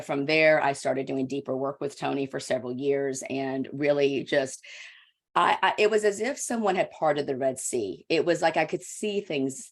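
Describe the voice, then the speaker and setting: Very low-voiced middle-aged woman. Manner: candid, confessional. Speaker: guest, women's leadership coach. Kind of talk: casual interview storytelling.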